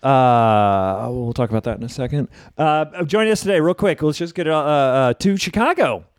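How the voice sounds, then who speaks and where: A man's voice: medium pitch, lively intonation, normal speed, no room sound, studio quality. A man hosting a comedy podcast in loose, joking chat, swearing freely. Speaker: podcast host. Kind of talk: casual chat. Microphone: studio microphone.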